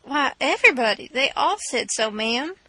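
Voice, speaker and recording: A woman's voice: high voice, expressive, normal speed, bright, forceful tone, breathy edge, no echo, heavily acted. A woman doing a cheeky boy acting innocent. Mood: mock-humble. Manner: mock-humble, sly pleading.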